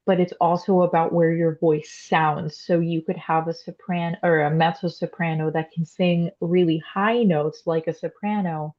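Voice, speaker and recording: A woman's voice: lowish voice, steady tone, normal speed, few pauses, darkish tone, dull audio. A young woman, a classically trained soprano, explaining voice types in a casual interview with frequent "um" and "like". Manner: explanatory, many "um" and "like" fillers.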